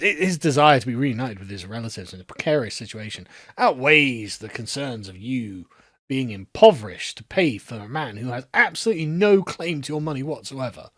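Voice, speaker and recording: A man's voice: high voice, no echo, clean studio sound. A man ranting in a sarcastic, exasperated commentary and laughing mid-rant. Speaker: political commentator.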